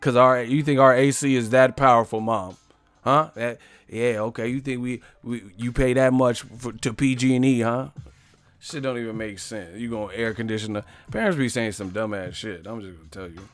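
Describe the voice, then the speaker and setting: A man's voice: mid-range voice, steady tone, moderate pace, clear, resonant tone, no echo, faint music behind. Profane, laughing man joking on a livestream. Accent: US English. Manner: profane, joking storyteller who laughs a lot. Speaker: boxing live-stream host. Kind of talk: casual live-stream chat.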